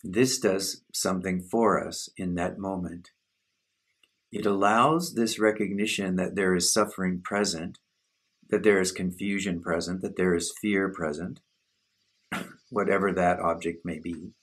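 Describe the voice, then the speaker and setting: A man giving a slow, measured, contemplative spiritual talk as a teacher leading a satsang on self-inquiry. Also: deep voice, fairly even intonation, husky.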